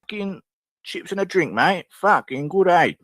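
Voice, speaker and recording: Man putting on a rowdy Cockney bloke at the pub, Cockney accent, high brash voice, dry sound. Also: animated, moderate pace, fairly bright tone, dry recording, soft background music.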